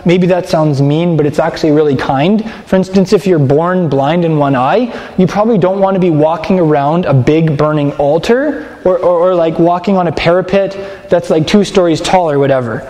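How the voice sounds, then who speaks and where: Halting man preaching in a reverberant hall. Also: fairly high pitch, warm tone. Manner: conversational, halting with repeated restarts. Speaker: teacher. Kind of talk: sermon.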